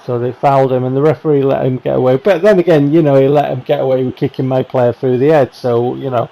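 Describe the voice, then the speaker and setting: Gravelly man, wry chat. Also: medium pitch, warm tone, dull audio, slight background noise. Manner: chatty, rambling, wry. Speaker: gaming channel host. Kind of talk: casual game highlights commentary.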